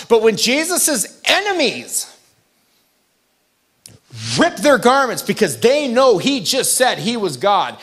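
High-voiced man preaching a conversational sermon. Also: a bit bright. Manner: conversational, emphatic preaching with asides to the congregation. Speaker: pastor.

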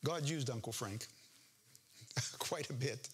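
A man's voice: medium pitch, slow pace, a little hiss or hum. An older man preaching a sermon as pastor, reading scripture aloud and breaking off into homespun, joking asides about his family.

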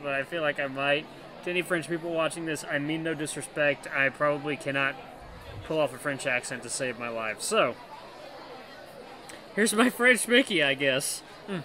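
A man hosting a let's play who reads the game text aloud and comments excitedly. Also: fairly high pitch, a little hiss or hum. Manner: excitable, laughs easily, breaks into loud protest. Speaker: gaming channel host.

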